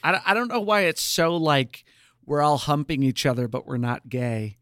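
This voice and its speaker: Casually recapping a show's episodes, this podcast co-host chats like a storyteller, peppering his speech with "um" and "like." His voice is a little high and fairly bright with a clean tone at normal speed, captured dry in a clean studio.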